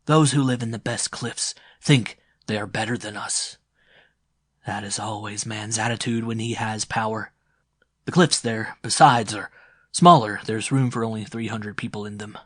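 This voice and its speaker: A cocky, grinning young warrior with a sharp, insistent push in every line, as a male audiobook narrator plays him. The voice sits a little raised over the narrator's own, slightly husky and dry. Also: fairly low pitch, steady tone, moderate pace, no echo. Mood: aggressive.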